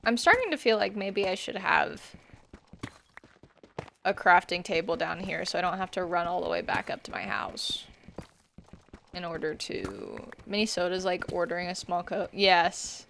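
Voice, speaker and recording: Woman streamer, casual rambling gaming chat, bright tone, gravelly fry. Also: fairly low pitch, sing-song, moderate pace, slight background noise. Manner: rambling, chatting with viewers while playing.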